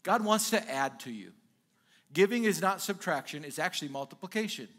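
A male pastor preaching a conversational sermon, dropping in frequent "okay?" asides and animated retellings of scripture. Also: high-pitched, fairly quick.

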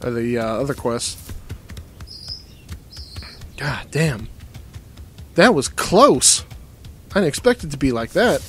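A man's voice: mid-range voice, big pitch swings, slow, long pauses, a bit bright, a little hiss or hum. A man giving casual let's-play commentary while he plays, swearing a lot and swinging between muttering and frustrated outbursts. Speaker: gamer playing a game.

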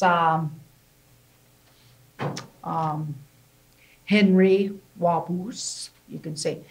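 A woman teaches a language lesson at an unhurried pace. Her voice sits in the middle range, and she explains patiently, often pausing to ask "okay?" before moving on. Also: mid-range voice, rough recording. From Canada. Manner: slow, patient explaining with frequent "okay?" checks.

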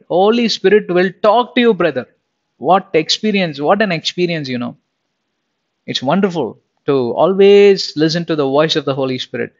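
A young adult man preaching in a chatty, questioning way, often turning to his listeners. His voice sits a little higher than most men's. The recording sounds dull and lo-fi. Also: animated, normal speed. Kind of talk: sermon.

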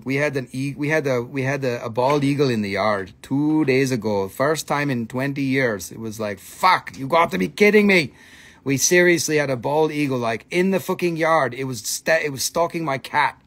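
At a moderate pace with few pauses, a mid-range male voice runs a live mineral sales stream. The host chats casually, cracks jokes with viewers, and curses freely in an excitable way.

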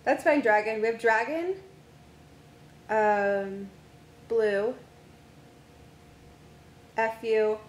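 A woman live-streaming a game, chatting casually and half to herself. Her voice sits a touch high and her pace is unhurried. The sound is roomy and echoey, with a faint low rumble underneath. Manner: slow, muttering to herself, humming.

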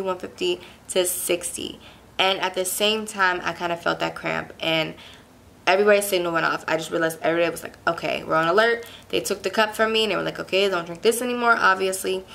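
Young woman with a gravelly low voice. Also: fairly bright tone, slight background noise. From Pittsburgh, USA. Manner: chatty, lots of "like" fillers, emphatic retelling. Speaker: vlogger. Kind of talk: casual personal storytelling.

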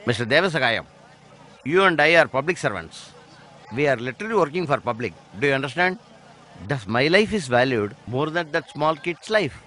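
An actor dubbing a stern senior police officer who lectures in a measured way. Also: male voice, on the high side, sing-song. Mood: lecturing. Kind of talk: film dubbing. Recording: film audio with soft music.

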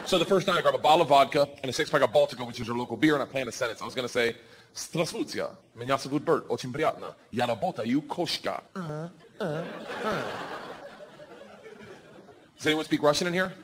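A man doing loud, animated stand-up storytelling on a comedy club stage. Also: fairly high pitch. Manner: loud, animated, bursts into shouting. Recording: noisy live comedy club recording.

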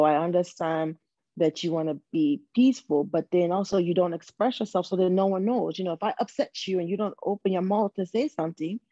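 A woman's voice: lowish voice, dark tone, dry recording. A woman as an interview guest, talking frankly and animatedly with lots of fillers and restarts. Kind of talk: casual interview chat. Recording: dull lo-fi recording.

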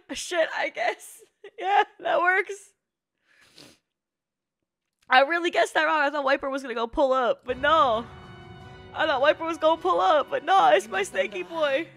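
A woman's voice: high-pitched, fairly quick, a bit bright, soft background music. A young woman hosting an anime reaction video, talking in a casual, emotional and profane way. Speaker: anime reaction channel host.

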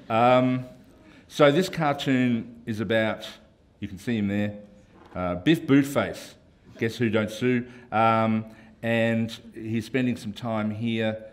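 A man's voice: on the low side, takes it slowly, slight background noise. An Australian man, a cartoonist speaking on a panel, rambling and self-deprecating with many fillers. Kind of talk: casual panel talk.

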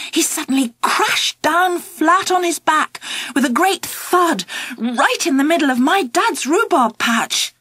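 A woman narrating a children's audiobook in the first person, expressive and animated. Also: sits high, slightly rough, dry recording. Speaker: audiobook reader.

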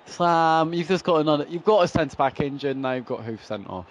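A young man commentating his own football video game play, swinging between frustrated groans and excited shouts. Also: on the high side, a little fast. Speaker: gaming YouTuber. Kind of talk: live gameplay commentary.

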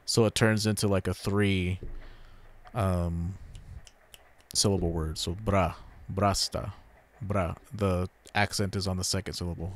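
Low-voiced male streamer explaining pronunciation. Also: steady tone. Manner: explains Japanese pronunciation, repeating words slowly. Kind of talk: casual gameplay commentary.

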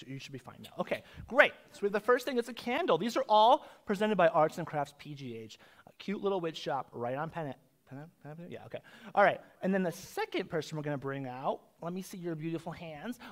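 Campy, animated drag game show host. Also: male voice, fairly high pitch. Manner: campy, rambling, self-mocking banter. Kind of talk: live comedy game show hosting. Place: live theater stage. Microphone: handheld microphone.

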